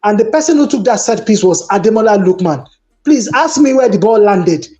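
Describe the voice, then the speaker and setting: A man's voice: high voice, animated, brisk, mellow. A man, debating football as a pundit and telling stories with emphatic exasperation. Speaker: sports pundit. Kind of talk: animated sports debate.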